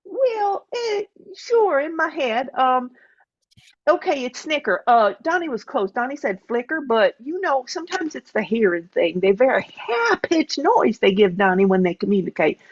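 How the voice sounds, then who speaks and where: A woman's voice: sits high, very animated, moderate pace, breathy edge, no room sound, highs cut off, heavily acted. A woman playing a theatrical host with a Southern accent who fawns over guests, calling everyone darling and speaking of herself in the third person, in an improvised comedy sketch over a video call. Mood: gushing. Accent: American Southern. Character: gushing Southern pet-and-beauty advice host.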